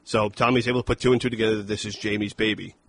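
A man's voice: fairly low pitch, little pitch movement, rapid-fire, a bit bright, a little hiss or hum. A man co-hosting a film review podcast, talking casually and profanely, acting out lines from the movie. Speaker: podcast co-host.

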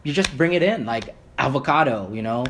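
A man guesting on a podcast, rambling and animated, piling up fillers and restarts and swearing casually. His first language is Creole. His voice sits at an average pitch, with a faint hiss of ambient noise behind it. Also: brisk. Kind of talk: casual conversation.

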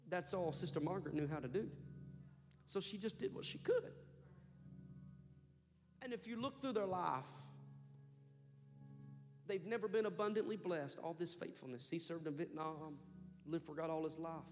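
Brief: male pastor, high voice, fervent storytelling sermon, reverberant church, music faint behind. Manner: impassioned storytelling preacher, building to loud fervor. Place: church sanctuary.

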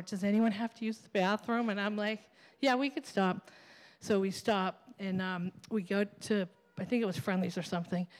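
A woman telling a funny, profane personal story live on stage at a story slam. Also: on the low side. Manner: animated, profane, laughing at her own story. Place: theater stage. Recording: long theater reverb.

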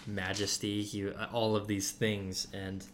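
A man's voice: fairly low pitch, completely flat delivery, slow pace, a little hiss or hum. A man giving casual Bible teaching to a group, talking loosely with many fillers and restarts.

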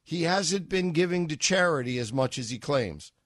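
A man's voice: on the high side, lively intonation, normal speed, fairly bright tone, dry recording, clean studio sound. A man hosting a political talk radio show, speaking in a sarcastic, mocking way full of rhetorical questions. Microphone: studio microphone.

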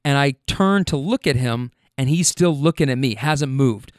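A man working as a rideshare driver, telling stories in an animated way, swearing freely and using plenty of fillers. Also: medium pitch, moderate pace, no room sound, clean studio sound. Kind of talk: casual storytelling.

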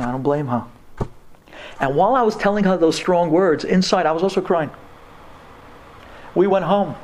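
A man's voice: a little high, normal speed, a little mellow, a little hiss or hum. Impassioned man telling a story. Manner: impassioned, stammering restarts and repeated words; sprinkles religious Hebrew and Yiddish terms. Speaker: speaker telling a personal story to an audience. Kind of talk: emotional personal storytelling talk. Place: before a live audience.

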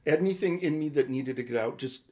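A man's voice: on the high side, a little fast, a little mellow. A man co-hosting a podcast, telling long rambling stories in casual chat, with self-mocking asides. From Midwest United States. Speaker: podcast co-host.

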